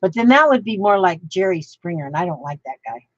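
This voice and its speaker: A woman's voice: fairly low pitch, expressive, a little fast, no room sound, dull audio. A woman vlogging while she crafts, thinking aloud in a rambling way, trying out names and chatting to the piece she is making.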